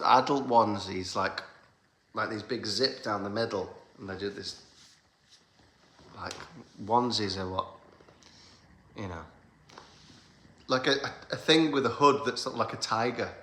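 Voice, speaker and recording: A man's voice: fairly low pitch, moderate pace, long pauses, pushed and bright, a little hiss or hum. A man from the UK, hosting a casual livestream for his band's fans, rambling chattily with lots of fillers and laughs. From United Kingdom. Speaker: band leader hosting a fan livestream. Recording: roomy echoey room sound.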